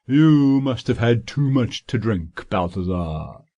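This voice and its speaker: A man performs the part of a fat, pompous, scheming middle-aged solicitor in an audiobook, stretching his words with a sanctimonious air. Medium in pitch and lively in intonation, his voice is dark and the sound is lo-fi.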